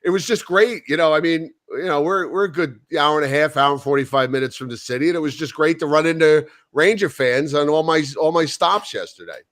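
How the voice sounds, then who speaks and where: A man with a fairly high voice co-hosts a sports talk podcast and tells stories in a loose, rambling way. He restarts his sentences and acts out what others said. The sound is dry and close to the mic. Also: brisk, few pauses, a bit bright, no echo. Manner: rambling storyteller who repeats himself and acts out quoted talk. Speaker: podcast co-host. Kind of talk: casual chat.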